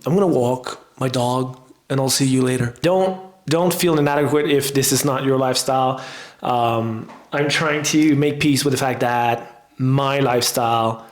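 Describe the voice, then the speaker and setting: A man who is a fitness coach, talking casually and rambling to camera, with slightly English. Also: medium pitch. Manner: rambling, conversational. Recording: roomy echo.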